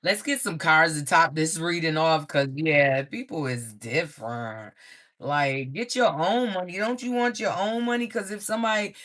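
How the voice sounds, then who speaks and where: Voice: medium pitch, normal speed, a bit bright. A tarot reader doing a casual live-streamed reading, blunt and profane, laughing often and tagging phrases with "okay?".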